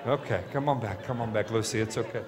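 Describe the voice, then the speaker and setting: A fast-talking man with a lowish voice runs a comedy hypnosis act from a large hall's stage, ribbing his volunteers playfully as a loud crowd echoes through the space.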